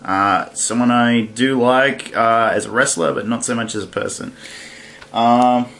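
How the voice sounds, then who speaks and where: A young man hosts a wrestling fantasy booking show, giving casual solo commentary on a wrestling card. His voice is medium-pitched, steady, unhurried and fairly bright, and he rambles, corrects himself and laughs at his own slips.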